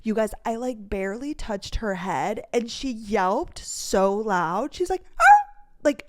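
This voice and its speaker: A woman's voice: medium pitch, takes it slowly. A young woman in her twenties hosting a podcast, telling a story in a casual, chatty way with many fillers. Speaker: podcast host.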